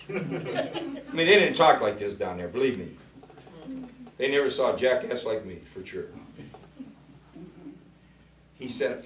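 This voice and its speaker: A former congressman tells colorful, blunt political stories, acting out quotes with big swings in loudness. His medium-pitched voice is animated and normally paced, with long pauses. He sits away from the mic in an echoey room, and there's a little hiss or hum.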